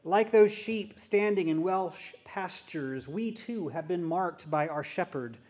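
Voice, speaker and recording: A man with a high voice delivers a sermon, slow and measured, leaning on pauses for emphasis. The recording is dull and muffled. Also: lively intonation, a little mellow. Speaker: pastor.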